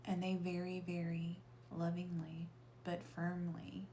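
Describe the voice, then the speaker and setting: A woman with a low, gravelly voice tells a personal story in a confessional way. Her delivery stays on a narrow pitch range, and she often sinks into a near-whisper, swearing now and then for emphasis. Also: little pitch movement, measured pace, a little mellow, slight background noise. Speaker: storyteller sharing a personal experience.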